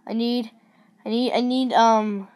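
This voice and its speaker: A woman commenting on a horror game as she plays it. She has a slightly high voice and talks slowly between scares, then exclaims in fright when something jumps out. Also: steady tone, a little mellow. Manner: jumpy, easily startled, exclaims in fright. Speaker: gaming video host.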